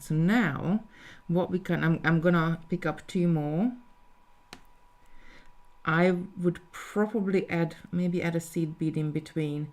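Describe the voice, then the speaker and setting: A woman's voice: deep voice, darkish tone. A woman talking through a live beading tutorial step by step, thinking aloud as she works. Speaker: jewellery designer teaching beading.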